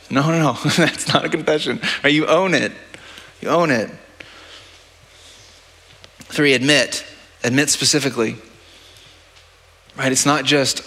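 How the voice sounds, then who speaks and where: A male pastor gives a sermon with a bright, forceful voice at an ordinary middle pitch. His delivery is plain and conversational, and he keeps tossing "right?" to the congregation. The sound rings with a long church-hall reverb. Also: measured pace, long pauses, husky. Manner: conversational, practical, with frequent "right?" asides.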